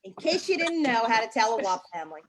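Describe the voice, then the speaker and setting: A woman comedian with a high voice delivers a brash stand-up set. Her crude punchlines come in a chatty storyteller's rhythm. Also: sing-song, fast, background noise.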